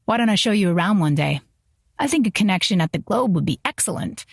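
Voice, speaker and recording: A woman's voice: mid-range voice, lively intonation, fast talker, vocal fry, breathy edge, no room sound, studio quality. Woman voicing a smarmy pushy young man. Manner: smarmy, over-familiar.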